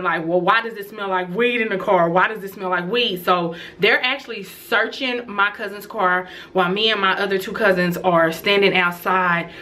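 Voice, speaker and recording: A woman's voice: medium pitch, bright, forceful tone, slight background noise. A young woman, casually telling a story to her viewers, often laughing as she talks. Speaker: storytelling vlogger.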